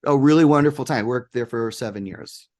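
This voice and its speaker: A man of middling pitch tells stories as an interview guest. He talks excitedly and animatedly, with many ums and restarts, in an easy, conversational way. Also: a little fast. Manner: excited, animated anecdotes with frequent fillers. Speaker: guest, game producer. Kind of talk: casual interview storytelling.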